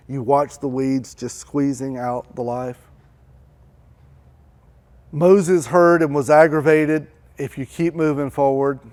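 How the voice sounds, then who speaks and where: A man preaching a church sermon, acting out desperate pleas with rising intensity and then dropping low and quiet. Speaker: pastor.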